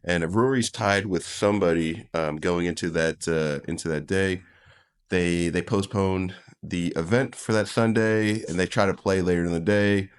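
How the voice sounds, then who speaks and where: A man's voice: low voice, fairly even intonation, moderate pace, clear, resonant tone. A man co-hosting a sports podcast in casual, laid-back chat, often chuckling and trailing off. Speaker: podcast co-host.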